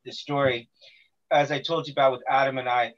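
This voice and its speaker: A man's voice: medium pitch, little pitch movement, a little fast, fairly bright tone, muffled recording. A man hosting a casual interview, rambling with many fillers and restarts. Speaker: podcast host.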